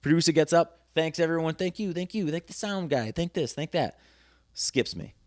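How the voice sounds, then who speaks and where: A man's voice: a little high, normal speed, dry recording, studio quality. A man telling a long story on a casual podcast, swearing freely and acting out what other people said in borrowed voices. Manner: animated, swears a lot, acts out quotes in other voices. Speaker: podcast guest.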